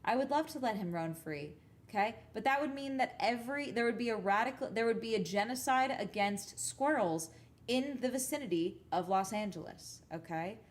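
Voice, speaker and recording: A woman's voice: fairly high pitch, expressive, normal speed. A woman livestreaming from home, telling rambling stories to her chat in a casual, profane, emphatic way and tagging sentences with "okay?". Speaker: livestream host chatting with viewers.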